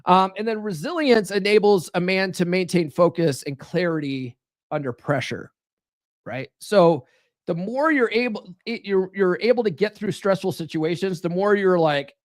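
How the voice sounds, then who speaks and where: A man hosting a live stream, talking in a loose, profane monologue. He keeps tossing in "right?" to check in with his listeners. His voice sits a little high for a man, and the recording is dry and close with no room sound. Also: normal speed, no echo. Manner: casual and profane, peppered with "right?" tag questions.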